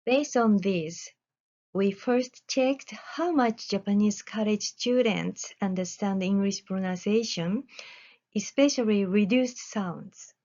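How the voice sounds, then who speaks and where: A woman researcher talks through an academic presentation in a mid-range voice, reading deliberately with careful pauses between phrases. Her pace is slow and unhurried. The recording is dull and lo-fi. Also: mid-range voice, darkish tone.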